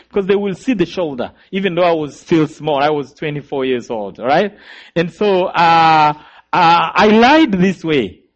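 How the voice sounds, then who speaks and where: A man with a Rwandan accent giving an earnest personal testimony, telling his story vividly and speaking directly to his listeners. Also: a little high. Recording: slightly dull lo-fi recording.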